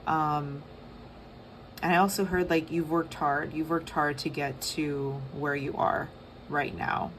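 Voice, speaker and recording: Low-voiced woman reading tarot. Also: fairly even intonation, slow, a little hiss or hum. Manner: soft, rambling, many fillers. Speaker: tarot reader. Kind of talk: casual pick-a-card tarot reading.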